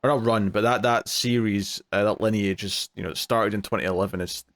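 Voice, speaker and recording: A man's voice: on the low side, steady tone, fairly quick, a bit bright. A man co-hosting a comics podcast in casual chat, dry and blunt with mock outrage. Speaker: podcast co-host.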